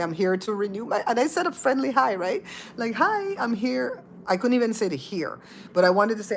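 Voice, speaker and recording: Lively storytelling woman host. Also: a little hiss or hum. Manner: animated storyteller, acts out quotes with big pitch jumps. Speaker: channel host. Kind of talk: casual storytelling vlog.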